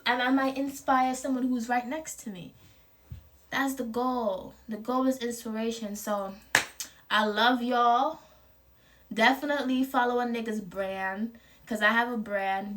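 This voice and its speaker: Her voice is a little high with a fairly bright tone. At home in front of the camera, the young woman, a vlogger pushing her clothing brand, riffs on confidence in a loose, profane, playful way, full of slang and quick to laugh. It's casual motivational talk.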